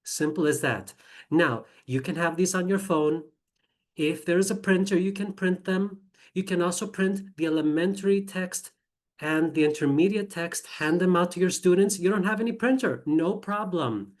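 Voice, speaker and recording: A woman teacher trainer giving an online presentation while screen sharing, chatty and enthusiastic with quick apologetic asides, on a computer mic. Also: lowish voice.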